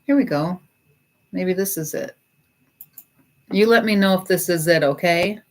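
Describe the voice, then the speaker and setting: A middle-aged woman with a fairly low voice chats gently and sympathetically with viewers on a casual livestream where she takes song requests. She thinks aloud, with many pauses.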